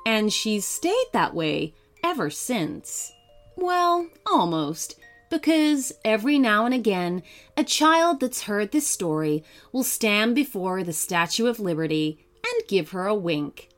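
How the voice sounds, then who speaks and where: A woman narrating a children's bedtime story gently, putting on voices for the characters. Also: mid-range voice, sing-song, slow pace. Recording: faint music behind.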